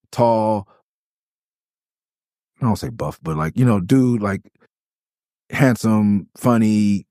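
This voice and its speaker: A man's voice: warm tone, dry recording, clean studio sound. A middle-aged man, breaking down his own rap song in a rambling, casual way, laughing and slipping into funny character voices. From Los Angeles. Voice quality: calls his own voice high pitched. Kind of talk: casual storytelling commentary.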